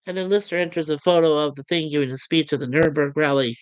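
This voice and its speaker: A woman reviewing a show in a casual, halting way, setting up quotes with fillers. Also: low voice, dry recording, poor audio. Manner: loose, halting narration with fillers.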